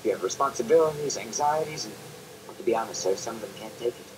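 A man's voice: mid-range voice, expressive, quick pace, noisy background, close to an everyday voice. A man playing a polite alien reporting home. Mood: earnest. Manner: polite, deferential, keeps saying sir. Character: earnest male alien reporting to his boss. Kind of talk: sitcom acting.

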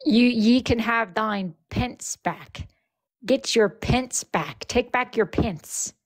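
Woman doing a hammy old-timey tavern keeper. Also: slow pace. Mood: dismissive. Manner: theatrical, archaic wording, half-sung pitch. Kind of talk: live-stream role-play.

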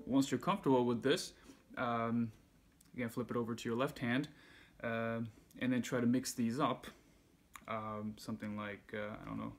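A man giving a casual music lesson, counting beats aloud in a relaxed way as he demonstrates. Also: medium pitch, normal speed. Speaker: music teacher. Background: handpan playing.

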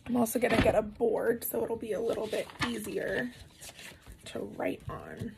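A woman's voice: on the high side, moderate pace, vocal fry, background noise. A woman teacher giving a lesson to young children, patient and encouraging, sounding out words syllable by syllable.

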